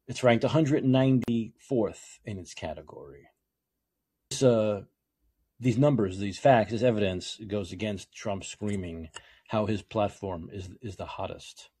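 A man hosting a political talk show, delivering a sarcastic, opinionated monologue that swings between yelling and quiet muttering. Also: lowish voice, measured pace, breathy edge.

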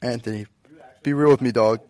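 A man's voice: mid-range voice, steady tone, a little fast, a crowd in the background. A man from the US East Coast calling in to troll a live show, drawling and saying bro constantly. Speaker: caller. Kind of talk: trolling call-in chat.

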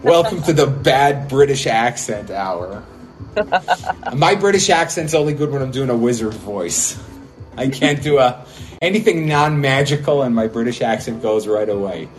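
A man's voice: medium pitch, expressive, a little slow, soft background music. A man hosting a casual podcast, laughing often and rambling with many fillers. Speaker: podcast host.

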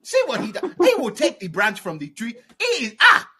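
A man's voice: sits high, wildly swooping pitch, fairly quick, breathy edge, pitched above the performer's own voice, exaggerated voice. A man voicing a stern, scolding older man who barks indignant questions. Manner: loud, indignant, barking questions.

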